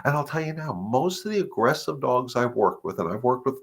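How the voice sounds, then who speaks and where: A man's voice: medium pitch, expressive, a little fast, slightly rough. A middle-aged man speaks in an everyday mid-range voice. He coaches dog owners during a live session, earnest and emphatic. He drives his points home by repeating them. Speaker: dog trainer hosting a live Q&A. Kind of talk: live-stream advice talk.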